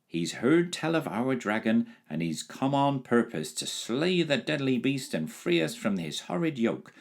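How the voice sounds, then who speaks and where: A man's voice: mid-range voice, very animated, a little slow, pitched above the performer's own voice. A man reading a storybook aloud, voicing a cheerful village boy full of eager gossip. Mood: excited. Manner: chirpy, eager.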